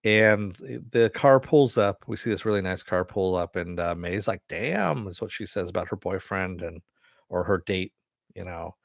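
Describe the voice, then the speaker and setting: Male reviewer, low-pitched, dry close mic, loose chatty recap style. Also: steady tone, moderate pace, no room sound. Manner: loose, rambling retelling with many fillers and quoted lines. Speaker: TV episode reviewer. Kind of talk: casual recap narration.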